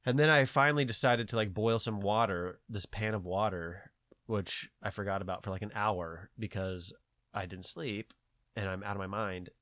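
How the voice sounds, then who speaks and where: A man's voice: lowish voice, normal speed, no room sound, clean studio sound. A man with a nasal voice, talking in casual podcast chat, rambling and swearing as he tells a story. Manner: rambling, profane, animated storytelling. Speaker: podcast host.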